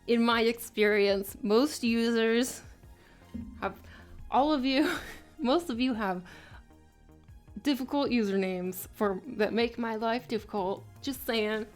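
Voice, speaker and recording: A woman's voice: a little high, slow, long pauses, soft background music. A woman streaming live as she draws, chatting casually with her viewers, laughing often and joking at her own expense. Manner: chatty, self-mocking, laughs often, drops to mutters. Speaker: art streamer. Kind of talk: casual live-stream chat while drawing.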